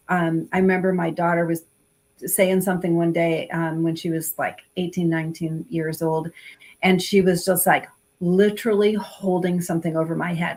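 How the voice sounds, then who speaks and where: A middle-aged woman on a panel telling candid personal stories in a casual way. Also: fairly low pitch.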